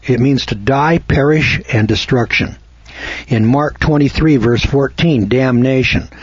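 American man, husky, unhurried preachy monologue host, dull dry lo-fi sound. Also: mid-range voice, no echo. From United States. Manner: slow, deliberate, spells words out letter by letter; preachy, cites scripture references. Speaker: commentator. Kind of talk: opinionated monologue.

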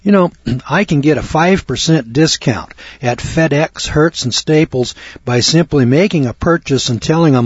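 An older man telling a long folksy story in a rambling talk, with many fillers and throat clearing. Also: medium pitch, normal speed, darkish tone, no echo, lo-fi sound. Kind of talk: rambling spoken monologue.

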